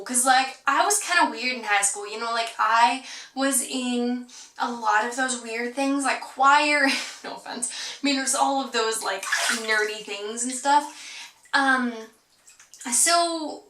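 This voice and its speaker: A woman's voice: on the high side, slow pace, sharp tone. A young adult woman vlogging in casual chat, rambling, giggly and playfully sarcastic. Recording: roomy echo, mic at a distance.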